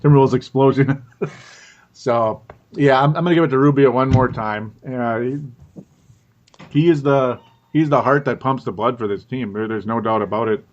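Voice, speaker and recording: A man's voice: medium pitch, moderate pace, muffled recording, a little hiss or hum. A man from Minnesota hosting a casual sports chat, laughing often and stumbling over repeated words. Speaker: podcast host. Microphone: call recording.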